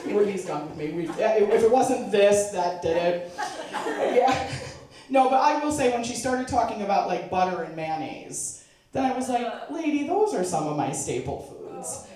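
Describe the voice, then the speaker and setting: A woman's voice: medium pitch, lively intonation, normal speed, warm tone. A middle-aged woman doing a stand-up comedy set, chatty and self-mocking, laughing at her own jokes. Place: charity event hall. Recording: echoey room, mic far off.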